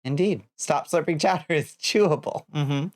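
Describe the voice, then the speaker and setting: A woman's voice: very deep voice, moderate pace. A young adult woman streaming a game, chatting casually and reacting to chat in a wry, blunt way with some swearing. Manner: wry and blunt, reading chat aloud and riffing with frequent swearing.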